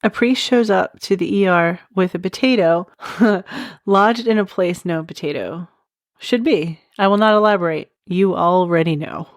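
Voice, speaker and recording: A woman's voice: lowish voice, normal speed, no echo, studio quality. A woman hosting a comedic true crime podcast in casual chat, often breaking into cackling laughter. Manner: giggly, keeps breaking into loud cackling laughter. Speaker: podcast host.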